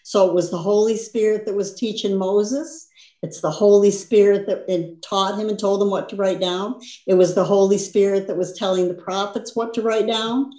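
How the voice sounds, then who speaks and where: A woman's voice: medium pitch, steady tone, normal speed, mellow, roomy sound. A woman teaching a Bible lesson as a sermon, talking conversationally and often checking in with "you understand?". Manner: conversational preaching, frequent "you understand?" and "see?".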